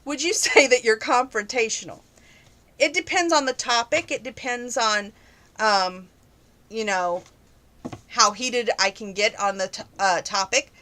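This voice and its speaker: A woman's voice: fairly high pitch, measured pace, sharp tone. A young woman answering viewer questions in a casual, opinionated chat that grows heated on some topics.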